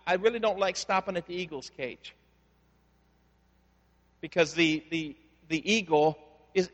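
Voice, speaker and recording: A man preaching a sermon as pastor, telling stories in a conversational way with frequent restarts, then building to slow, emphatic declarations. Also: high-pitched, creaky, a bit bright. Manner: conversational storytelling with repeated word restarts. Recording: long hall reverb.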